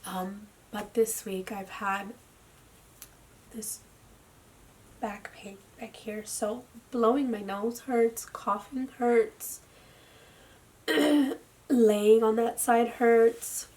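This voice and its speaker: A young woman talks into her camera at home, slow and drained, her slightly high voice sinking into soft, near-whispered stretches. She pauses often and strings her thoughts together with "like." A faint hiss sits under her voice. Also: steady tone. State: tired and drained. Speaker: vlogger. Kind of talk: personal video diary. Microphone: camera mic.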